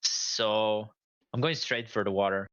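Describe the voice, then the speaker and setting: A man's voice: lowish voice, steady tone, measured pace, fairly bright tone, clear, resonant tone. A man playing a tabletop game, asking hesitant questions and stammering through his plans. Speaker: player. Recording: dull lo-fi mic.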